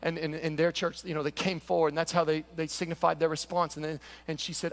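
A male pastor preaching a sermon in an animated, conversational way, often acting out stories. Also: fairly high pitch, quick pace, hardly any pauses. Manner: animated, conversational, storytelling with quoted voices.

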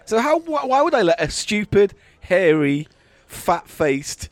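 Male comic as mock interviewer; high, animated delivery, dry sound. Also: dry recording. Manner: playful interviewer, quick back-and-forth. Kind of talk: improvised comedy chat.

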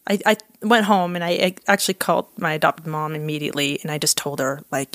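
A woman tells a personal story in a relaxed, conversational way. She brings the dialogue to life, jumping up in pitch for the quoted lines. The sound is dry and close, with no room echo. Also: fast. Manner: lively, acts out quoted dialogue with laughs. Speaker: guest telling her adoption story. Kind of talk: casual storytelling.

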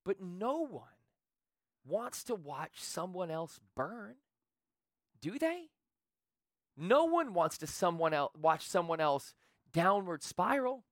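A man's voice: high voice, dry recording, studio quality. A man preaching a sermon as pastor, talking conversationally with rhetorical questions. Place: church.

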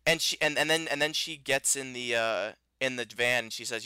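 A man's voice: medium pitch, moderate pace, bright, forceful tone, clean tone, no room sound. A man co-hosting a podcast, chatting casually and animatedly about a film, rambling with many restarts. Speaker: podcast co-host. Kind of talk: casual film review chat.

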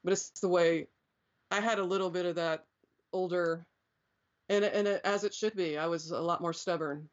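A woman's voice: on the low side, fairly even intonation, moderate pace. Woman telling stories, rambling with fillers. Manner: rambling, many fillers and restarts. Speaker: interview guest. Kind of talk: reflective storytelling. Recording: dull lo-fi sound.

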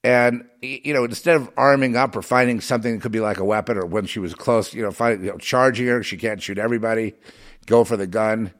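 A man's voice: on the low side, steady tone, quick pace. A man in a rambling rant with many restarts and repeated fillers. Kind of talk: ranting commentary.

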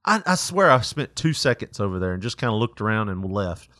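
A man's voice: on the low side, sing-song, brisk, bright, forceful tone, no echo, studio quality. A young man telling a work story in casual chat, laughing often and acting out quotes. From Tennessee.

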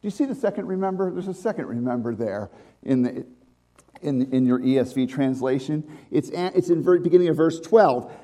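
A man's voice: a little high, animated, fairly quick, warm tone. A man preaching a conversational sermon to a congregation, with asides and restarts. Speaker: pastor.

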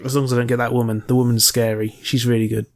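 A man talks quickly in a relaxed chat, his pitch sitting mid-range. He is blunt and stubborn about his points and swears casually. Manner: insistent, blunt, offhand swearing.

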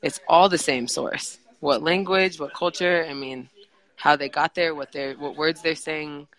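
Podcast guest, woman, bright forward tone, rambling casual storytelling full of "like" and restarts. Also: low-pitched, steady tone, measured pace, rough recording. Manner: rambling, many fillers and restarts.

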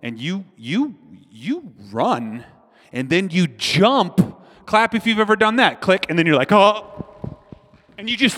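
A man in his forties preaching a sermon, telling a comic childhood story and speaking directly to the crowd. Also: mid-range voice. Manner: animated, addresses the crowd directly. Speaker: pastor. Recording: long hall reverb.

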